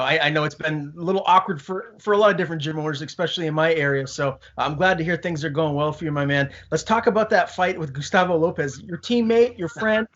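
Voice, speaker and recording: A man's voice: a little high, a bit bright, dull audio. A man interviewing a fighter, friendly and casual, stumbling over his words now and then. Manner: friendly, halting, repeats words. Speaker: sports interviewer.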